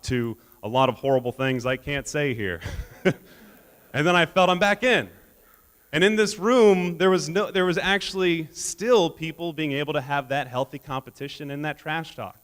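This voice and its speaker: A man's voice: mid-range voice, fairly quick, fairly bright tone, smooth. Man giving a keynote in a reverberant hall. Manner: humorous storytelling, laughs at his own jokes. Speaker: keynote speaker. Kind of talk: motivational keynote speech. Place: conference hall stage. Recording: long reverb of a large hall.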